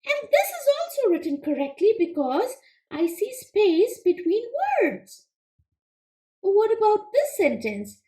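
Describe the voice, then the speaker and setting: A woman voicing a curious, eager young frog pupil who talks in an excited, squeaky way. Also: slow, exaggerated voice. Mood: thinking aloud. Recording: echoey room.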